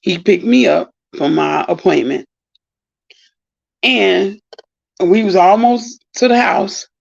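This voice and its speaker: A middle-aged woman telling a long, animated story in a casual live-stream monologue, exclaiming and rambling. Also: medium pitch, slow pace. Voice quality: gravelly, husky. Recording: dull lo-fi sound.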